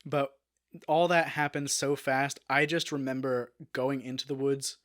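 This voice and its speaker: A young adult man, a guest actor, telling a story in a casual interview, animated, with many fillers and restarts. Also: mid-range voice, a little slow.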